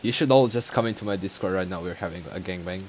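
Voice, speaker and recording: A man from Croatia runs a casual livestream, cracking crude jokes and laughing a lot. His voice sits fairly low, with a faint hiss in the background. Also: fast talker, low-quality recording. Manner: crude, joking, laughs often. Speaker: livestream host.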